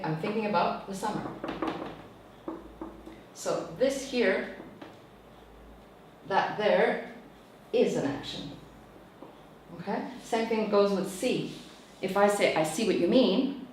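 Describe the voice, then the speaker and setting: A woman's voice: medium pitch, a little mellow, a little hiss or hum. Woman teacher explaining, echoey far-off mic. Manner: explains patiently, tags points with "okay?". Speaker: teacher trainer. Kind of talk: teacher tutorial lecture.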